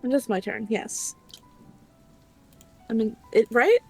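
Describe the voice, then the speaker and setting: A woman's voice: a little high, expressive, slow pace, a little mellow, faint music behind, low-quality recording. A woman playing in a tabletop game, talking casually, blunt and swearing a lot. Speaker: player.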